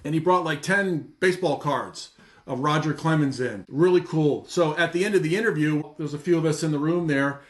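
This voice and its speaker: Male podcast guest, fairly high voice, easygoing, recalls old stories with a few hesitations. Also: brisk. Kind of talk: casual conversation.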